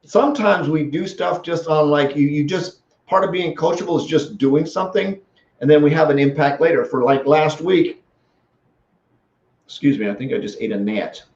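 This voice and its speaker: A man hosting a casual live stream, telling stories in an animated way and often restarting his sentences. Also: a little high, moderate pace. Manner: animated storytelling with many restarts. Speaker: host. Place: small office room. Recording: echoey room, dull lo-fi sound.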